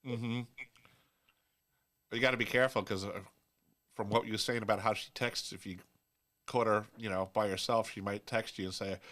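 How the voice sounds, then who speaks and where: New guy hosting a livestream, lowish voice, laughs at his own dirty jokes. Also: fairly even intonation, normal speed, pauses often, fairly bright tone. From Long Island, New York. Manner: crude joking, laughs often. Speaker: host; plumber. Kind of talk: casual livestream chat.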